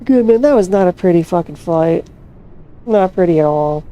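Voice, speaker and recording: Woman, low-pitched, very mellow tone, swears freely, casual game commentary. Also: expressive, moderate pace. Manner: swears freely, talks to herself while searching. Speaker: flight sim streamer.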